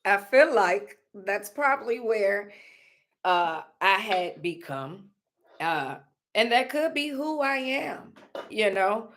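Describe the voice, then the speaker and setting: A woman's voice: medium pitch, expressive, slow pace, fairly bright tone. A woman vlogger talking openly and casually, rambling with many fillers and laughing now and then. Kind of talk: casual heartfelt vlog talk.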